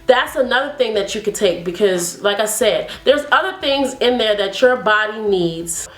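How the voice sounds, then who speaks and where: A woman's voice: mid-range voice, expressive, normal speed. Chatty woman vlogging in an echoey room. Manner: chatty, upbeat and encouraging. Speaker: hair care vlogger. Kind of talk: casual vlog talk to camera.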